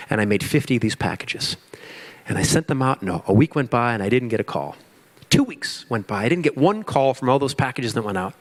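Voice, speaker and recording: Middle-aged guy from chicago telling his startup story on stage, acts out the panic, asks the crowd stuff. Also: mid-range voice. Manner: animated, acts out his own panic and quotes; asks the audience questions. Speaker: speaker at a business forum. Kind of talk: storytelling keynote talk.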